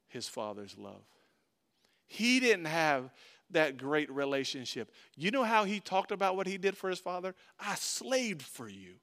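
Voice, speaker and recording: A pastor delivering a sermon, reading scripture aloud and commenting on it, swinging between loud emphasis and hushed, quiet passages. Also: male voice, on the high side.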